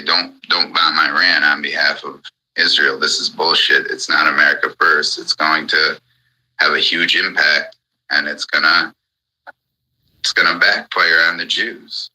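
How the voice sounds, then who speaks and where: A man's voice: very deep voice, pushed and bright, husky, low-quality recording. A man in an angry, profane ranting monologue on a live audio chat, hammering the same points again and again. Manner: furious, profane, repetitive.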